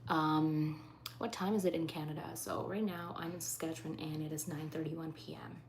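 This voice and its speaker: A woman hosting a live makeup stream, chatting casually and often dropping into soft half-whispers. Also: deep voice, fairly even intonation, normal speed. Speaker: livestreaming makeup host. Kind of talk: casual live makeup chat, reading comments. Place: at home in Saskatchewan. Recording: faint background noise.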